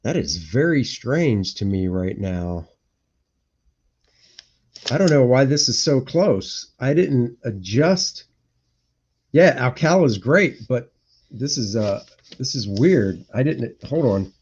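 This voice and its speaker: A man's voice: medium pitch, sing-song, slow pace, long pauses, a little mellow, slight background noise. A man, a cartoonist hosting a live stream, chatting casually and thinking aloud, rambling and muttering to himself as he goes. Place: indoor home room. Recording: dull lo-fi stream audio.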